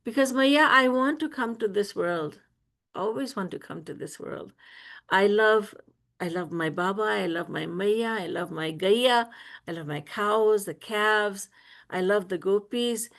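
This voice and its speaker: A woman's voice: mid-range voice, unhurried, a bit bright. A woman voicing a small whiny boy god. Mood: tearful. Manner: childlike, whiny and pleading. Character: small mischievous boy god, playful and tearful.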